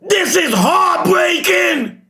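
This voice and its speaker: A man reacting live to a manga chapter, emotional and shouting, swearing often. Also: very high-pitched, expressive, slow pace. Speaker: reaction streamer.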